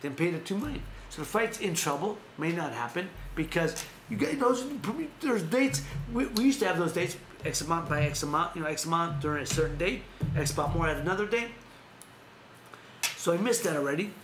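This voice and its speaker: A man hosting a casual boxing news chat, his voice sitting a little high for a man, and he wanders off on tangents, restarts his sentences and laughs as he goes. He is recorded in an echoey room with a faint hum of ambience behind him. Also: lively intonation, a little fast, fairly bright tone. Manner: rambling, self-correcting, laughs often. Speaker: host.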